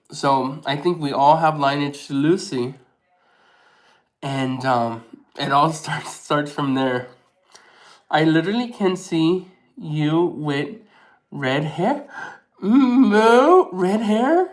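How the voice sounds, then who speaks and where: Male mukbang host, unhurried and chatty, reads and answers comments between bites, laughs easily. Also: fairly high pitch. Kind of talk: casual live chat while eating.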